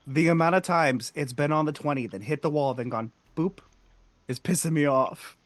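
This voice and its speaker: A man's voice: a little high, brisk, dry recording. A man playing in a tabletop game, grumbling and exasperated about his dice. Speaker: player. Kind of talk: casual tabletop play.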